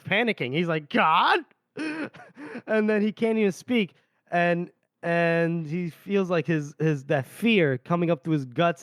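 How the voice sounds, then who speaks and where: Man, fairly high voice, casual book recap, laughs a lot, dry sound. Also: clean tone, no room sound. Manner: laughs often while retelling, voices characters lightly. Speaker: podcast host. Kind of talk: casual book recap with read-aloud passages.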